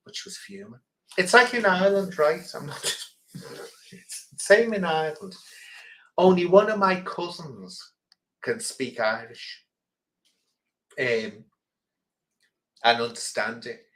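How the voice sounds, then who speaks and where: A man's voice: medium pitch, moderate pace, pauses often, a bit bright, poor audio. A middle-aged man from England chatting casually as host, rambling through an opinionated story with lots of ums and restarts. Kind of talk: casual livestream chat.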